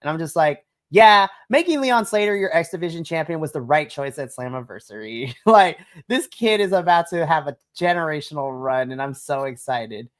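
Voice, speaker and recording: A podcast co-host in casual wrestling review chat. Excitable, they keep acting out their own reactions as quotes. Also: mid-range voice, normal speed, few pauses. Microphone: podcast mic.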